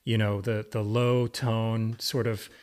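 A man's voice: on the low side, level tone, slow pace, darkish tone, clean tone. A man co-hosting a podcast, joking and riffing on a movie. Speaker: podcast co-host. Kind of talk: casual chat.

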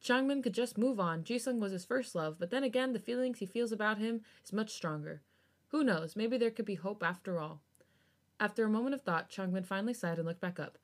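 A woman's voice: medium pitch, brisk. A woman podcast host reading fan fiction aloud and breaking off for blunt, joking asides.

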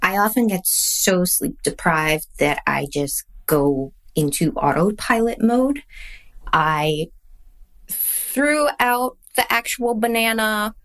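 A woman recounting a funny personal anecdote in a wry, animated way. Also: medium pitch, takes it slowly. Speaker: mother sharing a story. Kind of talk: casual anecdote.

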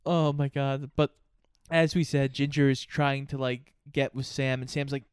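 Podcast co-host, man; clear smooth tone, a bit high, giggly casual recap, dry close sound. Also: steady tone, moderate pace, no echo. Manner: laughs easily, gleeful exclamations. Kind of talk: casual movie recap chat.

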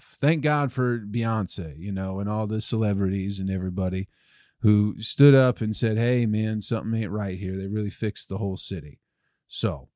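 A man's voice: fairly low pitch, a little mellow, dry recording, clean studio sound. Sarcastic, swearing man. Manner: profane, sarcastic, mock-salesman patter. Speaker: comedian podcast host. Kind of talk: solo comedic rambling.

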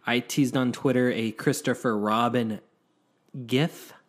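A man's voice: medium pitch, fairly even intonation. A man co-hosting a podcast in casual chat, playful and teasing. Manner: playful, teasing, quick to laugh. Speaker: podcast co-host.

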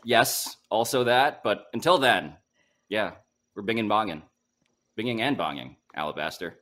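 A man's voice: lowish voice, animated, moderate pace, fairly bright tone. A man hosting a casual sports podcast, rambling and self-deprecating. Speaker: podcast host.

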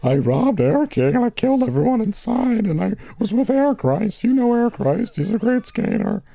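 Man putting on a high bragging skater. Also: sing-song, moderate pace, creaky, dark tone, no echo, exaggerated voice. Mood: boastful. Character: boastful young male skater caller.

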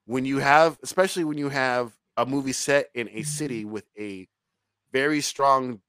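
A man's voice: mid-range voice, normal speed, a bit bright, clean tone, no room sound. A man co-hosting a movie review podcast in casual chat, emphatic, swearing freely and laughing often.

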